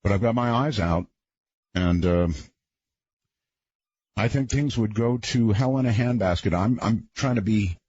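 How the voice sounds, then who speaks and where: A radio talk show host, a man with a husky voice, talking in a rambling, conversational late-night monologue with folksy asides. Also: fairly low pitch, unhurried, long pauses, a little mellow, no echo, muffled recording.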